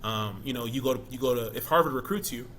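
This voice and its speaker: Bright, emphatic man, easygoing interview guest. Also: mid-range voice, fast talker, slight background noise. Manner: conversational, emphatic, asks "you know what I mean?". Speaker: interview guest, former college football player. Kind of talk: casual interview talk.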